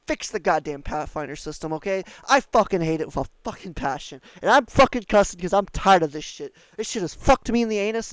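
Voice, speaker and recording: A man's voice: sits high, clear, resonant tone, no echo, poor audio. A man ranting angrily and profanely over gameplay as a gaming video creator.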